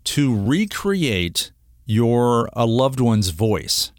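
A middle-aged man hosting a talk radio show, speaking at a plain mid pitch. He talks earnestly and rambles, stopping and restarting often. His voice is close and dry in a studio. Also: sing-song, extremely slow, no room sound. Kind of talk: casual radio talk segment.

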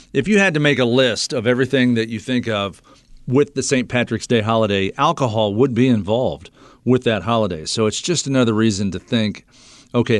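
Male radio host, casual and filler-heavy, mid pitch, close dry mic. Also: no echo. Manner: relaxed, many fillers.

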